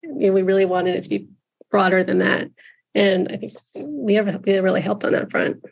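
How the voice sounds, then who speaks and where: A woman's voice: medium pitch, moderate pace, gravelly, highs cut off. A woman film director talking earnestly and reflectively as a guest in an interview. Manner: earnest, reflective, with some restarts. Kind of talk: casual interview conversation.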